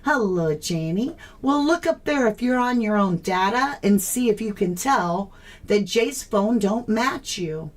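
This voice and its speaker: Slow, puzzled woman streaming live. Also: medium pitch, animated. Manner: incredulous, puzzling aloud, greets chat viewers warmly. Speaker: true crime livestream host. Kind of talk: casual livestream chat.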